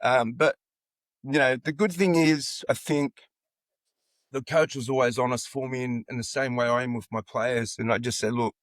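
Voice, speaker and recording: A man's voice: mid-range voice, moderate pace, no room sound. A man in his sixties with an Australian accent, a football coach telling long personal stories in an interview and acting out what others said. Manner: animated anecdotes, acting out quoted dialogue. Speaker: football coach, podcast guest. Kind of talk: casual storytelling in an interview.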